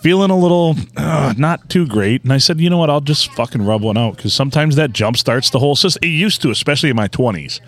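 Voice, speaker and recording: A man's voice: medium pitch, animated, quick pace, hardly any pauses, fairly bright tone. A man in his forties co-hosting a podcast, telling crude, rambling stories in casual chat. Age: 40s. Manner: rambling, laughing storyteller. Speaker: podcast co-host.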